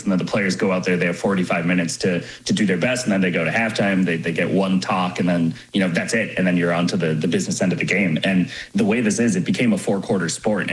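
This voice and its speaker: Man, sports journalist, very deep voice, fluent analysis. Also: poor audio. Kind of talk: radio interview answers.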